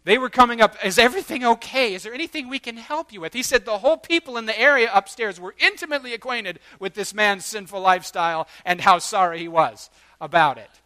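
A man delivers a sermon story with a bright, forward tone and a somewhat high voice. He acts out the people in his story, swinging from quiet asides to loud outbursts. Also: quick pace. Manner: animated, acts out quoted voices, rising to loud bursts. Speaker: preacher.

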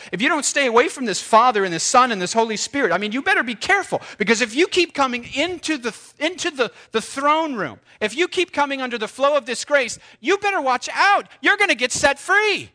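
A man preaching with a high, bright, ringing voice. He teases his listeners with ironic warnings, then lifts into exclaimed peaks before dropping to quiet asides. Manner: dynamic, swings from hushed asides to exclaimed highs. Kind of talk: sermon.

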